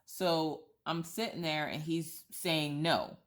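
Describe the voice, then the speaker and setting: Speaking slowly in a low voice with fairly even intonation, this thirty-something woman vlogger tells a meandering, casual story, breaking off for asides and starting over.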